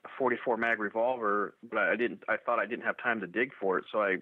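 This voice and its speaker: Man, somewhat low voice, halting eyewitness storyteller, tinny phone-like radio sound. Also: steady tone, slightly rough, dry recording. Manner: halting, many restarts and fillers. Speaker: eyewitness telling an encounter. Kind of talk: first-person storytelling.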